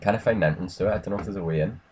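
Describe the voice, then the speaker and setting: A man's voice: low-pitched, racing, crowd noise. A man giving a casual tour of a game server, rambling and repeating himself as he talks to a friend. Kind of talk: casual gaming chat.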